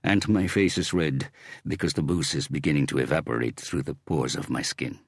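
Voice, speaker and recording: A man's voice: expressive, moderate pace, breathy edge, no room sound, clean studio sound, exaggerated voice. A man voicing a weary, hungover detective who answers tersely. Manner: low, terse, mumbling.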